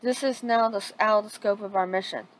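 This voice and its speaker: A woman's voice: medium pitch, fairly even intonation, brisk, lightly acted, low-quality recording. A woman voicing an aloof grown male ninja teacher in a retold fan story, speaking dryly and unhurriedly.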